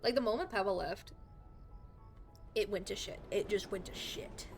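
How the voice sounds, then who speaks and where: A woman's voice: mid-range voice, expressive, moderate pace, faint music behind. A young woman streaming a game live, talking to chat while she plays, exclaiming, swearing and ranting about her teammates. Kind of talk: live gameplay commentary.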